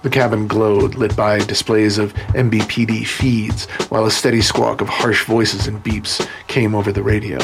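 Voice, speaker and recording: Steady male audiobook narrator. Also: fairly low pitch, normal speed, vocal fry, hardly any pauses, noisy background. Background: music.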